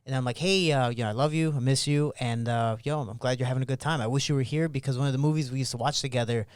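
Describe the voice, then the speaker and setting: A man's voice: mid-range voice, quick pace, clear, resonant tone, no echo, clean studio sound. A man, a podcast guest and pro fighter, telling a story in casual slangy talk and acting out the dialogue he remembers. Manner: animated, acts out remembered dialogue.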